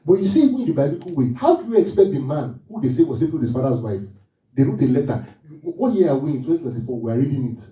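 A man's voice: mid-range voice, big pitch swings, very fast, dark tone, echoey room, far from the mic, low-quality recording. A man preaching a sermon as pastor, asking the congregation questions, repeating his phrases and driving each point home.

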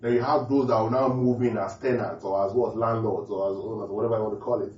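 A lowish, slightly mellow male voice races through a sermon with fairly even intonation. In a church hall, he frequently questions the congregation and repeats key phrases for emphasis; the recording sounds distant, echoey, and muffled.

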